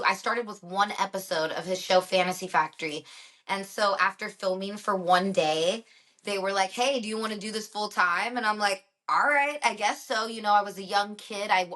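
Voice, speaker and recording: Woman with slight country twang, bright voice, chatty and upbeat, podcast guest. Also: mid-range voice. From Los Angeles. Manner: chatty, upbeat, laughs easily, says "like" often. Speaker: guest, singer. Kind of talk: casual interview chat.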